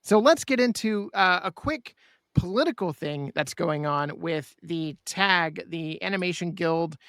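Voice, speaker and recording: A man's voice: on the high side, animated, unhurried, fairly bright tone, clear, resonant tone, no echo, clean studio sound. A man hosting a podcast, talking in an earnest, enthusiastic way. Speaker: podcast host. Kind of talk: casual chat.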